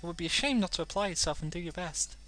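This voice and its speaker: A man's voice: sits high, very fast, pushed and bright. A British man voicing a kindly woman in a game who encourages a boy. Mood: encouraging.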